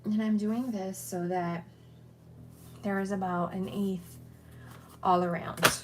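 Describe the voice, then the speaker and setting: Slow, chatty crafter woman. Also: medium pitch, steady tone, a little mellow, slight background noise. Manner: chatty, talks to herself while working. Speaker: card-making crafter. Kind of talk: casual crafting tutorial.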